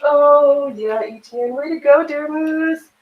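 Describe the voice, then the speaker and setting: Woman livestream host, high and unhurried, chatty and giggly, echoey room. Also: narrow, tinny audio. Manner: chatty, laughs often, answers chat aloud. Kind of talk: casual chat while sewing on stream. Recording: echoey room with faint ambience.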